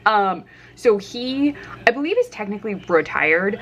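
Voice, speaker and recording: A woman's voice: medium pitch, very animated, unhurried, fairly bright tone. A young woman chatting casually about her reading at home while cooking lunch, with many fillers and frequent laughs. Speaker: book vlogger. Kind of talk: casual reading vlog chat.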